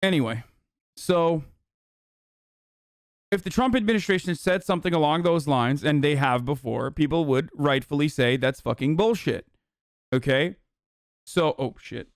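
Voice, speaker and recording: A man's voice: a little high, normal speed, pauses often, dry recording, clean studio sound. A man doing livestream political commentary, heated and profane, rambling through restarts as he reacts to chat. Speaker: political streamer.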